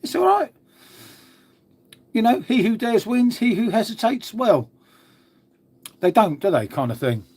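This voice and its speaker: A middle-aged man hosts a laid-back live stream, reading comments and chatting bluntly with viewers, cursing freely and calling them "mate." His voice is high-pitched and very animated, with a normal pace and a darkish, slightly rough tone.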